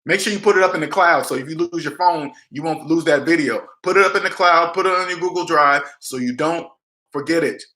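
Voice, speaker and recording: A man's voice: fairly high pitch, a little fast, bright, forceful tone. Blunt, emphatic man in an echoey room. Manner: emphatic, blunt, repeats himself, acts out quoted people. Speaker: debt advice vlogger. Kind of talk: casual live-stream advice talk.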